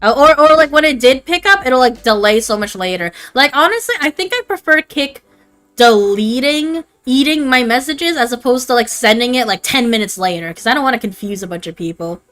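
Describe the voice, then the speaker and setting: A woman's voice: sits high, lively intonation, a little fast, fairly bright tone, soft background music. A young adult woman chatting casually on a livestream, rambling and swearing freely. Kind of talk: casual stream chat.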